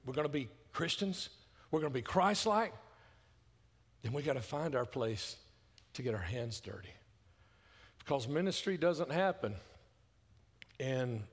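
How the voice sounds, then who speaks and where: A middle-aged man preaching a sermon, emphatic, repeating words and building to loud passionate peaks. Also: medium pitch. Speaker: pastor. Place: church sanctuary. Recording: long church reverb.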